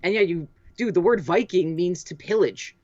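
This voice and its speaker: A woman's voice: lowish voice, normal speed, darkish tone, dry recording, dull audio. A woman co-hosting a casual, tipsy livestream chat, talking loosely with giggles and swearing. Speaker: co-host.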